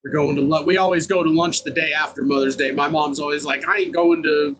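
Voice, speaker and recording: Casual stream co-host, man, a little husky, laid-back, greets the chat. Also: on the high side, quick pace, low-quality recording. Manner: relaxed, greets chat viewers by name.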